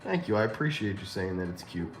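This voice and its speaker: A man's voice: lowish voice, quick pace. Laughing male livestream host, roomy sound. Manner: laughing, animated storytelling. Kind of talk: casual livestream chat. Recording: roomy echo with faint music.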